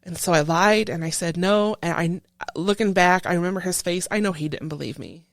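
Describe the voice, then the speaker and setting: Halting woman veteran recounting a hard memory. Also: on the low side, no room sound, studio quality. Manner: halting, with many restarts, recounting a painful memory. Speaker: veteran guest. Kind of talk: personal interview storytelling.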